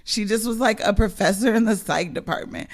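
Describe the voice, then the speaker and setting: A young woman telling a story on a podcast. Her talk is casual and animated, full of swearing, and she laughs often. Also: medium pitch, brisk. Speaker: podcast co-host.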